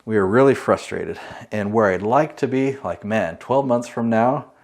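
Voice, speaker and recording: A man's voice: on the low side, normal speed. A middle-aged man teaching as a business coach in an earnest, conversational talk to camera, acting out client dialogue along the way. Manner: earnest, conversational, with frequent restarts and role-played dialogue.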